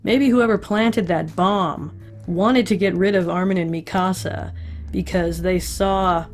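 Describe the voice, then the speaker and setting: A woman talks through an episode recap in a chatty, conversational way, tossing in wry asides. Her voice sits on the lower side, and faint guitar music plays underneath. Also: fairly even intonation, a little slow. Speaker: recap host.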